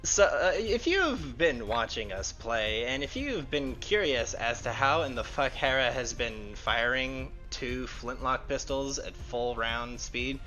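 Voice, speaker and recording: Lively, bright-voiced man chatting casually. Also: medium pitch, unhurried, few pauses, soft background music. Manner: laughing, rambling, swears casually. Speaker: co-game master and player. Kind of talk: casual chat on a tabletop stream.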